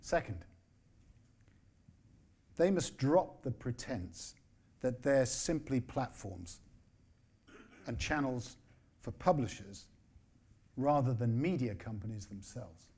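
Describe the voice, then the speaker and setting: A man in his sixties giving a conference keynote as a newspaper editor. His delivery is measured and emphatic, with dry asides. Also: medium pitch, lively intonation, mellow, husky.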